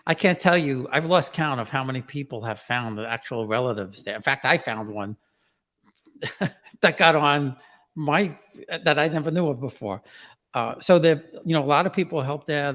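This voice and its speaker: Man, podcast guest, relaxed, easygoing, long reverb, medium pitch. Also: moderate pace. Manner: relaxed, easygoing, many fillers. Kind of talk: casual chat.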